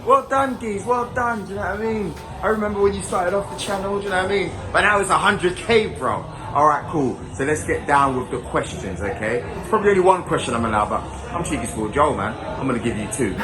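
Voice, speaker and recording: A man's voice: high voice, lively intonation, fast, few pauses, low-quality recording. A man asking questions in a chirpy, matey way, full of "mate" and "bro".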